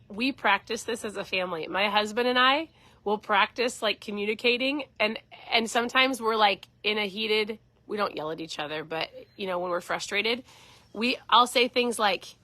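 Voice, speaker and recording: Woman, middle-aged, host, chatty, enthusiastic, bright voice, dry close mic. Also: medium pitch, dry recording. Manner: chatty, enthusiastic, acts out dialogue. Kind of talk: casual livestream talk.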